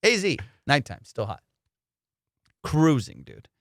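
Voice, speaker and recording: A male comedian hosting a podcast, telling a road-trip story in an excitable, slangy, profane way. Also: a little high, slow, dry recording, clean studio sound. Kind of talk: animated storytelling.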